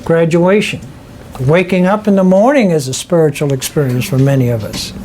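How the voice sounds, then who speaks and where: An older man, a spiritual speaker, telling a personal story to an audience in a slow, heartfelt, deliberate way. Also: fairly high pitch, a little mellow, a little hiss or hum.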